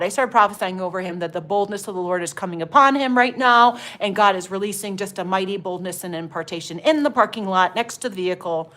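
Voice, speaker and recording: A middle-aged woman minister telling a lively faith testimony and prophesying over listeners, calling them honey. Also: medium pitch, fast talker, hardly any pauses. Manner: animated storytelling, exclamatory, addresses listeners as honey.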